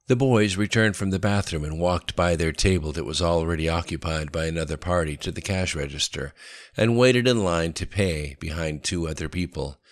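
A man narrating a story in a steady, matter-of-fact reading voice. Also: low voice, normal speed.

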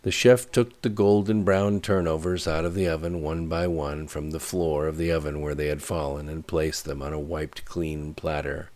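Deep-voiced man narrating a novel. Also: steady tone, normal speed, few pauses, a little mellow. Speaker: audiobook narrator. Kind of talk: scripted narration.

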